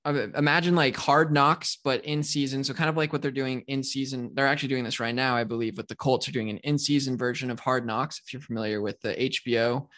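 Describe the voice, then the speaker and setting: A man co-hosting a podcast, telling a sports story in an animated, ranting way. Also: mid-range voice, fast talker, hardly any pauses. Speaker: podcast co-host. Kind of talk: casual podcast chat.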